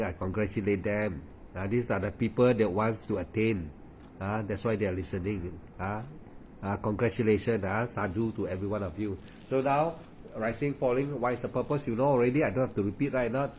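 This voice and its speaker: A man's voice: lowish voice, a little mellow, a little hiss or hum. A man giving a meditation talk as a teacher, insistent and repetitive, often asking "huh?". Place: at home late at night.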